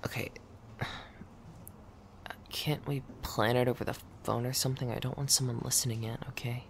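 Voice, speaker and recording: A woman performing a scripted audio role-play as a blunt, sarcastic office coworker who curses and grudgingly softens. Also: a bass voice, steady tone, moderate pace, vocal fry, a little hiss or hum. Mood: grudgingly tender. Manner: dry, dismissive teasing that turns grudgingly gentle.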